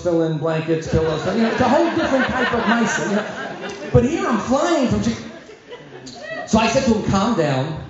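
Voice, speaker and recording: Joking middle-aged rabbi in an echoey hall. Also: male voice, high-pitched, background noise. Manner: joking, chatty, quick asides. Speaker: rabbi giving a guest talk. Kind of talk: humorous storytelling talk. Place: large echoey room at a community event. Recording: echoey hall, dull lo-fi sound.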